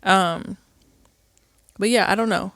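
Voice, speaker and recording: A woman's voice: mid-range voice, fairly even intonation, slow pace, fairly bright tone, dry recording, clean studio sound. A woman co-hosting a podcast, talking openly and casually about feelings and playing out little remembered exchanges. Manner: open and emotional, acts out little quoted exchanges. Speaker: podcast co-host. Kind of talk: casual chat.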